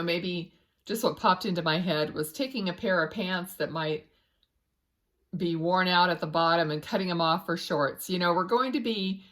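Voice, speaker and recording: A woman reading tarot as a psychic medium in a casual, rambling way. She often searches for words and restarts, and murmurs softly to spirit between cards. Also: lowish voice.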